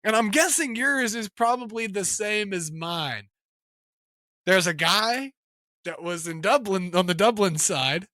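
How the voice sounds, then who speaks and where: A man co-hosting a podcast in casual chat, animated and jokey, often laughing. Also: high-pitched, a little slow, no echo, clean studio sound. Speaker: podcast co-host.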